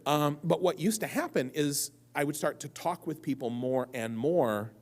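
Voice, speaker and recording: A man's voice: on the high side, normal speed. A man answering audience questions on a convention stage, telling rambling, self-mocking stories that keep wandering off track. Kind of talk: live convention Q&A storytelling.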